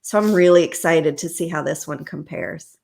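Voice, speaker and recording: A woman co-hosting a casual podcast, enthusiastic and quick to laugh. Her voice sits a little low for a woman. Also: vocal fry, a little mellow. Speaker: podcast co-host. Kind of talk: casual chat.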